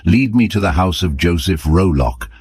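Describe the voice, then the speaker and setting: A grim, stern hunter, very deep and husky, slow and measured. A man voices him in a storybook reading, dry and close. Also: expressive, no echo, exaggerated voice. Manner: gentle then growling, grim.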